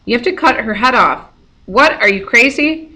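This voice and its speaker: A woman's voice: a little high, lively intonation, moderate pace, bright, forceful tone, pitched above the performer's own voice. A woman reading aloud voices an urgent, commanding teenage girl. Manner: insistent, commanding. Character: urgent bossy teen girl.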